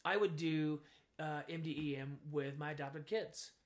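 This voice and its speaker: Animated man telling a personal story. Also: a little high, unhurried. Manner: animated, acts out quoted voices, frank. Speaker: guest sharing his story. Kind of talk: candid storytelling conversation.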